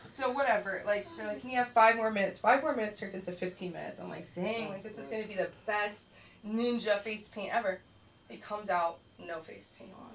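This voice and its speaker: A woman with a mid-range, fairly bright voice talks a little fast through a rambling open-mic stand-up set on a small comedy club stage. She acts out kids and herself in different voices, picked up by a distant room mic with faint noise.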